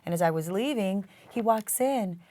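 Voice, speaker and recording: A woman's voice: medium pitch, animated, normal speed. A woman in her forties co-hosting a casual talk show, telling stories in a gushing, emotional way. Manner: gushing, emotional, warm storytelling. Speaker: co-host.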